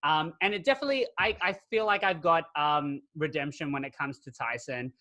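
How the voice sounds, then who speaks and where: A man hosting a casual fan podcast, talking in an animated, chatty way full of "like" fillers. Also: fairly high pitch, fairly quick. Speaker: podcast host. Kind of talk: casual chat.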